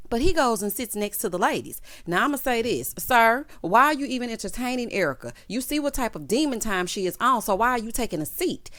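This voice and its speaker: A woman's voice: medium pitch, fairly bright tone. Sassy woman ranting through a TV recap. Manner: sassy, emphatic, scolding the cast. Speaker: reality TV commentator.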